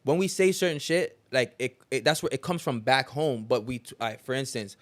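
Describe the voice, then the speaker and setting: A man with a Toronto accent, a guest talking casually on a podcast, animated and quick to mimic slang. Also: mid-range voice. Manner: animated, quick to imitate slang, stammers on restarts.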